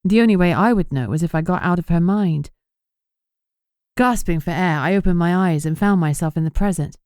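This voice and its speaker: A woman reading an audiobook in measured, even scripted narration on a close mic. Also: lowish voice, smooth, dry recording.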